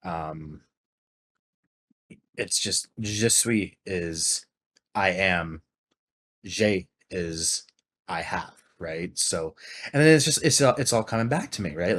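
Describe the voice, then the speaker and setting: A Canadian podcast co-host with a low, somewhat bright voice chats casually, rambling along with frequent fillers and restarts.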